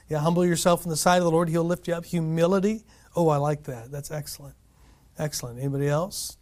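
Male pastor, earnest and animated, slightly raised natural pitch, teaches by asking the congregation questions. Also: fairly quick. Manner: earnest and animated, frequent restarts, asks the room questions.

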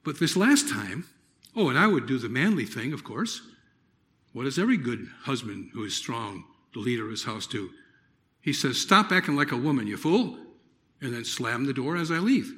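A middle-aged man preaching a personal testimony, telling it dramatically with loud exclamations and hushed, near-whispered moments. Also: medium pitch, sing-song, moderate pace. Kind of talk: sermon testimony.

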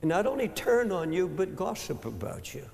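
An older man preaching with fervor, his voice pitched high and rough with fry. He stumbles over repeated words, then builds to full shouts. The sound rings through a large hall with a long echo. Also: sing-song, slight background noise. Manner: impassioned, rising to shouts, halting repetitions. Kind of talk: sermon. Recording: echoey hall with long reverb.

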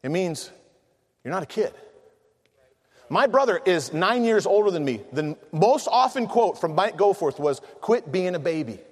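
High-voiced middle-aged man preaching in reverb. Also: moderate pace. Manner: animated storytelling, acting out family voices. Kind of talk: sermon with humorous stories. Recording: long reverb of a large hall.

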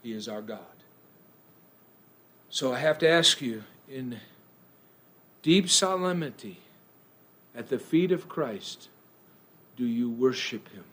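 A male pastor preaching a sermon in church, swinging from hushed, low lines to loud, impassioned outbursts. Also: lively intonation, takes it slowly, pauses often.

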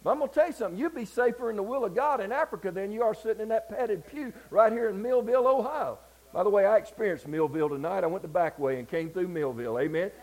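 Southern male preacher, higher-pitched voice, sermon storytelling, calls for amen, shifts from loud to hushed. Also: fast, low-quality recording. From Georgia, US. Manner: preaches with frequent call-outs for amen and swings between loud and hushed.

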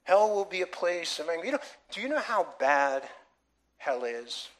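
A man's voice: high-pitched, sing-song, normal speed, fairly bright tone. A man preaching a sermon in a church, emphatic, with many rhetorical questions to the congregation. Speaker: pastor.

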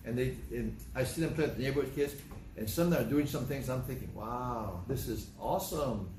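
A man's voice: expressive, fast talker, a little mellow, a little hiss or hum. Older man preaching in an echoey room. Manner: conversational storytelling, acting out dialogue with pitch jumps. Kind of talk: sermon.

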